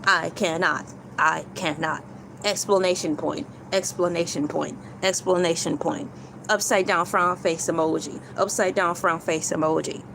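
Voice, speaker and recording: A woman voicing a stiff, monotone female robot that reads its punctuation aloud in a flat, mechanical way. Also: fairly low pitch, unhurried, gravelly, noisy background, pitched below the performer's own voice.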